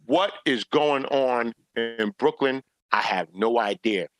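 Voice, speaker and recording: A man co-hosting a sports talk podcast, ranting in an animated way and mocking players in put-on quoted voices. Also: mid-range voice, takes it slowly, no room sound. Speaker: podcast co-host.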